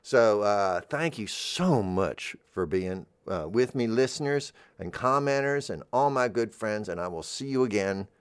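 A radio host with a fairly low voice talks into a studio microphone. He rambles gently from thought to thought in an easygoing freeform monologue. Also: expressive, unhurried, few pauses, clean tone, no echo.

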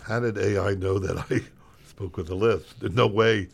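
A man's voice: lowish voice, normal speed, gravelly, slightly rough. A man hosting a radio show, trading casual banter with his co-host in a dry, teasing, mock-offended way.

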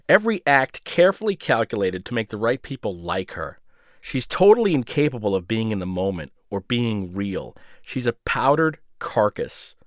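A man's voice: fairly low pitch, no room sound, clean studio sound. A man narrating a first-person story in a sardonic, biting way.

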